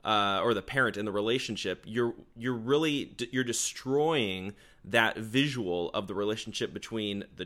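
A man's voice: on the low side, pushed and bright. A man hosting an interview, thinking aloud in a rambling, reflective way with many fillers. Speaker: podcast host. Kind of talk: casual interview chat.

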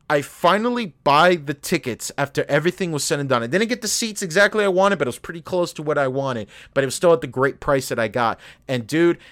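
A man's voice: fairly high pitch, fast, few pauses. A man co-hosting a podcast, telling a story in casual chat, swearing a lot and getting worked up in bursts. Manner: profane, animated, rants in bursts. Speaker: podcast co-host.

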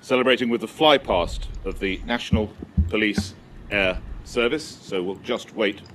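Calm male broadcaster announcing a flypast. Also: on the low side, moderate pace, a little hiss or hum. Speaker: event broadcaster. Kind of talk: live event commentary.

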